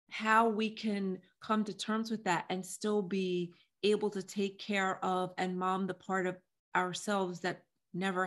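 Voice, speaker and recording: A woman's voice: mid-range voice, a bit bright. A woman hosting a podcast, asking a guest thoughtful, searching questions. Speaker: podcast host. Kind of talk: podcast interview.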